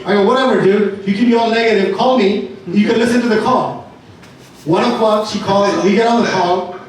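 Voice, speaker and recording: A man speaking at an entrepreneur meet-up, telling a lively story and acting out what people said. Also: high-pitched, fairly quick, a little hiss or hum. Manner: animated storyteller acting out dialogue. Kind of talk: animated storytelling talk. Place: event venue. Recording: echoey room from far off with faint ambience.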